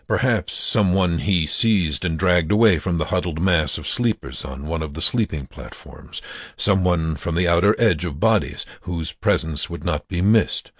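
A man reads a dark tale aloud in a grave, measured way. His voice is very low and unhurried, slightly husky, and sounds close and dry. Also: dry recording. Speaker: narrator. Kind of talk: audiobook narration.

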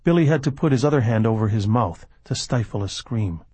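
A male audiobook narrator with a husky, mid-pitched voice, reading in a measured, steady way. The sound is close and dry, with no room around it. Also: dry recording. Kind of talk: scripted narration.

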